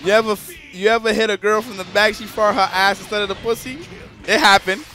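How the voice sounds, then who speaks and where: A man's voice: sits high, fairly even intonation, fairly quick, sharp tone. A man casually commentating a live stream, joking crudely and talking straight to the chat.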